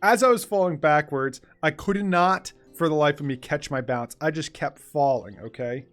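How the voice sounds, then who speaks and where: A young man, a gaming YouTuber, tells a casual story over gameplay in an animated way, laughing and swinging between fast and drawn-out delivery. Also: on the high side, soft background music.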